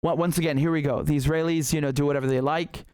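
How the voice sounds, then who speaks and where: A man's voice: fairly high pitch, steady tone, fast talker, darkish tone, clean tone, no echo. A man hosting a live political commentary show who talks in a heated, indignant way, often repeating words and restarting sentences.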